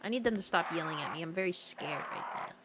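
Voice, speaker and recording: A woman's voice: fairly low pitch, quick pace, a bit bright, a little hiss or hum. A young woman streaming a game, chatting casually with her viewers, giggling often and drifting off topic as she reads their comments aloud. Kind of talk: casual live-stream chat while playing.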